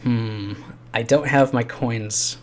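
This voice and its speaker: A man's voice: mid-range voice, fairly even intonation, slow, slight background noise. Chatty man rambling through a game. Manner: rambling, chuckling, trailing off into fillers. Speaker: game host recording a quest playthrough. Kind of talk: casual gaming chat.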